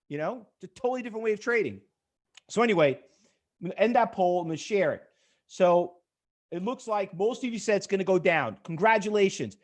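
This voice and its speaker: A man's voice: high voice, lively intonation, a little fast. A man teaching a live trading webinar, blunt and pushy with viewers, rambling with many fillers. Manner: rambling, chatty, full of fillers. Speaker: trading educator.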